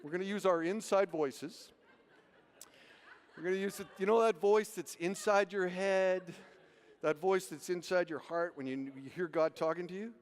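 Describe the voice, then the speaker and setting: A man's voice: sits high, normal speed. A man preaching a sermon as pastor, telling stories and asking rhetorical questions. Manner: animated storytelling, rhetorical questions. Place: church sanctuary. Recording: reverberant hall.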